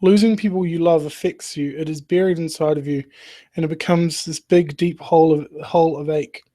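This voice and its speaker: A man hosting a podcast, talking through a reflective monologue in an earnest, halting way, with frequent restarts and soft laughs. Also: fairly high pitch, steady tone. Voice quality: emotional, earnest. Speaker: podcast host.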